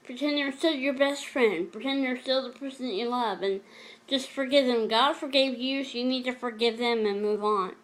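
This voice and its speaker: A middle-aged woman speaks to her viewers in a fairly high voice, telling a painful story from her past. She talks in an emotional, halting way, often stopping to restart or repeat a phrase. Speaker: vlogger. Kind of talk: personal storytelling vlog.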